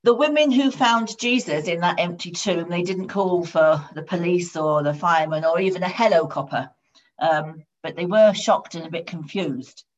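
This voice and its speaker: Woman preaching, lowish voice, steady storyteller, muffled lo-fi recording. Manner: storytelling with steady, measured repetition. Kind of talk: sermon. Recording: dull lo-fi sound.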